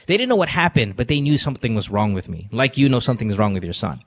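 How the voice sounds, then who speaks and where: A man's voice: mid-range voice, very animated, quick pace. Fields: Sex: man. Role: podcast host. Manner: earnest, confessional. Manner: earnest, confessional, repeats himself. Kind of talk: emotional call-in advice talk. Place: radio studio.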